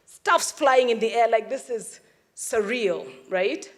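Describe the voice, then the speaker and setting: A woman's voice: on the high side, animated, slow pace. A woman from Kenya with a Kenyan accent, giving a dramatic storytelling talk and acting out the voices she quotes. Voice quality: vivid, acts out quoted voices. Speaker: speaker. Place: event hall. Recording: long reverb of a hall.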